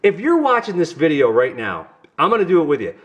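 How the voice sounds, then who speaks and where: A middle-aged man with a New York accent hosts a casual vlog, talking straight to his viewers in a goofy, chatty way. His pitch jumps around a lot, rising and falling as he jokes along. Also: wildly swooping pitch, brisk, dull audio. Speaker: family vlog host. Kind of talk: casual card-opening vlog.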